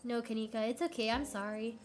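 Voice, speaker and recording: A woman voicing a calm young woman in a game who speaks softly and tries to calm an argument. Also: a little high, brisk, natural voice. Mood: soothing. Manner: soft, placating.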